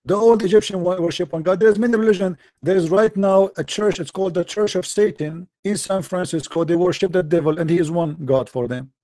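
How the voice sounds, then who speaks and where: Man, taunting debate host, dark mellow tone, dry close sound. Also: high voice, a little fast, few pauses, no room sound. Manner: mocking, taunting, repetitive rhetorical questions. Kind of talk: confrontational live-stream debate.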